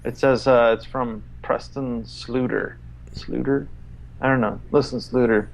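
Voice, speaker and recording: A man co-hosting a casual podcast, reading an email aloud in an exasperated, halting way full of fillers and swearing. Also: medium pitch, fairly even intonation, creaky, slight background noise, rough recording. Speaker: podcast co-host.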